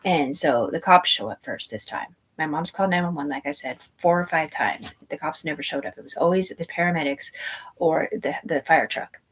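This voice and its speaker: A woman's voice: low voice, moderate pace, husky. A woman telling a long personal story in a rambling, tangential way, swearing freely and piling up fillers and asides. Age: adult.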